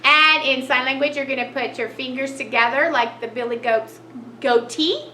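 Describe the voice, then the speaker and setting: A woman's voice: sits high, normal speed, pushed and bright. A woman teaching a cheerful children's lesson, gasping with delight at each new picture. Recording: echoey room, faint noise.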